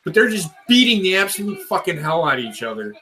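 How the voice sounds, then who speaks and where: A young man talks over a wrestling match for his audience in a casual, profane running commentary. His voice sits a little high and rings bright and forceful. He is blunt and excitable, with swearing in nearly every line. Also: fast talker, rough recording. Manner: blunt, swears constantly, enthusiastic. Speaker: host watching wrestling with viewers.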